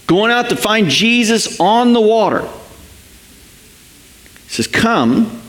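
A man preaching a sermon, animated, repeating words for emphasis and checking in with "right?". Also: high-pitched, slow pace, echoey room, low-quality recording. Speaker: pastor.

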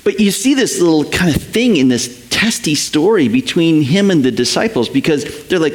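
A man delivers a sermon with a lively, swooping voice that sits a little above the usual male pitch. He tells his stories with animation and slips into the voices of the people he quotes. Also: normal speed. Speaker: pastor.

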